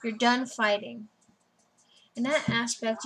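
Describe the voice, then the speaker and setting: A woman's voice: a little high, moderate pace, poor audio. Blunt, casual woman reading tarot. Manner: casual, blunt, swears freely. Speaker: tarot reader.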